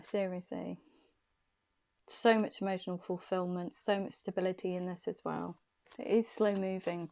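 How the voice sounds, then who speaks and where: This woman's mid-range voice is mellow as she does an intuitive tarot reading to camera. She talks in a chatty, soothing way, offering reassurance and repeating phrases to drive points home.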